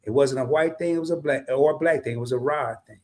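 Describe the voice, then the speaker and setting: A man's voice: medium pitch, fast. A middle-aged man co-hosting a live stream, laid-back and slangy, talking straight to his viewers. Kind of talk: casual live stream chat.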